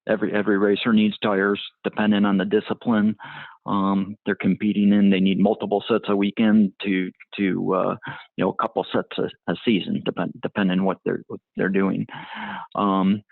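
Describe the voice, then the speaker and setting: A man's voice: on the low side, level tone, normal speed, creaky, dry recording. A man giving business interview answers in a hesitant way, with many ums and restarts. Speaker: tire brand motorsport marketing guest. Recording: tinny phone-like line, dry.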